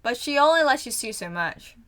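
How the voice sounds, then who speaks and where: A woman's voice: on the high side, expressive, fairly quick, a bit bright. A young woman chatting casually as she reacts to an anime episode, giggling often and trailing off into fillers. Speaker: anime reaction channel host.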